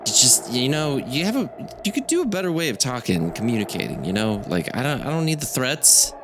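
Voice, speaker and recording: A man playing his character in a tabletop game, quick and rambling. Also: mid-range voice, big pitch swings, noisy background.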